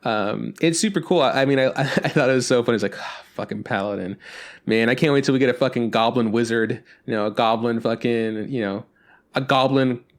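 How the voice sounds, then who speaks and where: A man co-hosting a casual podcast, talking in loose, rambling runs full of swearing and restarts. His voice sits at an ordinary middle pitch. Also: brisk. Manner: rambling, profane, many restarts. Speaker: podcast co-host. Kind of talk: casual chat.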